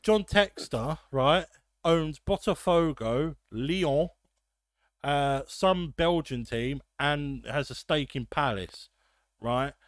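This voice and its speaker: A man hosting a casual football podcast, ranting and swearing with quick asides. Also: a little high, no echo. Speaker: podcast host.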